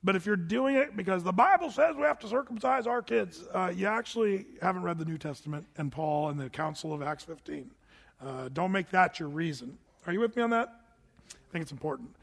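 A man's voice: high voice, lively intonation, fairly quick, vocal fry, a bit bright, breathy edge, in a large hall. A man preaching a sermon, teaching through Bible verses in a conversational way with joking asides. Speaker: pastor.

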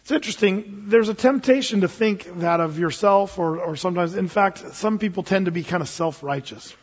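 Husky high-voiced male pastor preaching. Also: fast. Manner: conversational, joking preaching with sudden emphatic bursts. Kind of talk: sermon. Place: church sanctuary. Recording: muffled, long reverb in a hall.

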